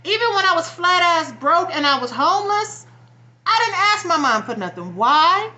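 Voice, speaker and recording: A young woman talks straight to her camera in an emotional personal vlog, venting bluntly with frequent swearing. Her voice is high and bright, and she sounds close to tears and worn down. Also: very animated, moderate pace, highs cut off. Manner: frustrated, blunt, profane venting. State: near tears. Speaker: vlogger.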